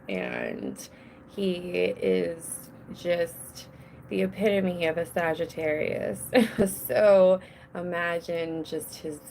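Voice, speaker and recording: Young woman host, casual home podcast, slow drawl with vocal fry, restless and self-interrupting. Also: on the low side, a little mellow, slight background noise. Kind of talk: casual solo podcast chat. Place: home with children nearby.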